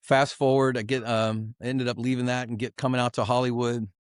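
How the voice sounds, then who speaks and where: A man's voice: mid-range voice, little pitch movement, a little fast, clean tone, dry recording. Guy on a podcast sharing his story, emotional and earnest, keeps restarting, mid voice, dry close sound. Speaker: podcast guest. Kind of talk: personal testimony.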